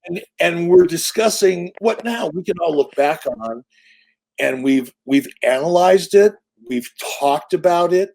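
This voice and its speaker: A middle-aged man telling an animated, profane, salesman-like story as an interview guest. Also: high voice, a little slow, creaky. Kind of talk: casual storytelling.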